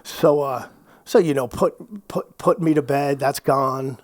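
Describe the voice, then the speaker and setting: A middle-aged man tells his life story in a candid interview. He talks in an animated way, restarting phrases and acting out quoted lines, at a middle pitch. The sound is dry and close to the mic. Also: unhurried, dry recording. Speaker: podcast guest.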